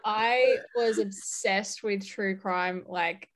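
A woman's voice: mid-range voice, fairly even intonation, slow pace. A woman co-hosting a podcast, chatting casually and laughing often. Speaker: podcast co-host.

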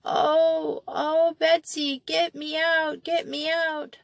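A woman's voice: sits high, little pitch movement, slow pace, creaky, no room sound, dull audio, pitched above the performer's own voice, full character voice. A woman voicing a small frightened girl trapped in a pit, sobbing and pleading as she reads a storybook aloud. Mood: terrified sobbing.

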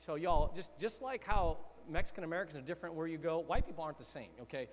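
A man's voice: fairly high pitch, quick pace, long reverb tail, slight background noise. A middle-aged man, a pastor, preaching a sermon in a conversational, storytelling way. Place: church hall.

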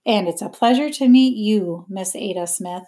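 A woman's voice: medium pitch, normal speed, warm tone, natural voice. Brief: barking, commanding old colonel in a storybook reading, read by a woman. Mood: gruff. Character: gruff, bossy old retired army colonel, man.

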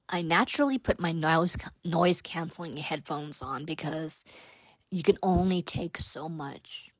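A woman hosting a casual solo podcast, speaking softly and haltingly with many fillers and whispered asides. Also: low-pitched, dry recording. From United States. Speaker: podcast host.

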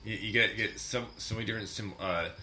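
Guy chatting on a call, bright tone, faint noise behind. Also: on the low side, quick pace. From Canada. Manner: animated, laughing, ranting about slang. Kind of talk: casual chat.

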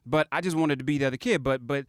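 A man from Chicago's South Side interviewing a guest, asking thoughtful, probing questions with halting restarts. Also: medium pitch, no room sound, clean studio sound. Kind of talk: casual interview conversation.

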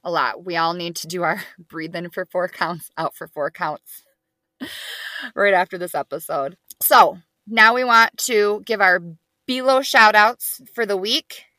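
An upbeat woman in her thirties co-hosts a casual podcast chat and steers it from one segment to the next. Her voice is bright and clear-toned. The recording is dry and close. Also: lowish voice, measured pace, no echo. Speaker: podcast co-host.

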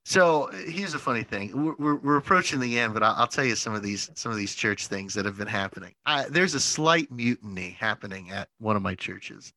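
Rambling, animated pastor with a bright voice. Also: male voice, lowish voice, brisk, hardly any pauses, dry recording, rough recording. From northern United States. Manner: rambling, repeats words, animated storytelling. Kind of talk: casual podcast chat.

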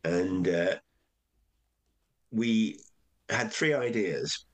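An older man, a comedian guest, telling rambling anecdotes in relaxed chat, often acting out what others said. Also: on the low side, very slow. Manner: rambling, with many restarts and acted quotes.

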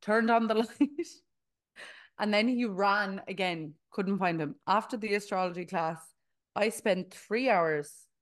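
Young woman, podcast co-host, animated storyteller, even middle-range voice. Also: mid-range voice, unhurried. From Ireland. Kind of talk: casual chat.

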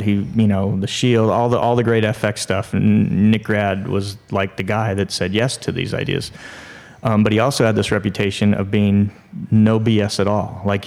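A low-pitched male screenwriter tells a casual podcast story. He is animated and full of quick restarts and fillers. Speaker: guest, screenwriter and TV producer.

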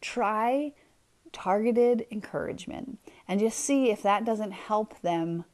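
A woman hosting a podcast, telling a story in a chatty, animated way with lots of fillers. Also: mid-range voice, slow pace. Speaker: podcast host. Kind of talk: casual motivational talk.

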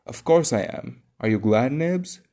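Man playing a superior older brother type, flat and certain. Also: medium pitch, a little slow, voice pushed up, natural voice. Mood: smug. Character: proud know-it-all older boy.

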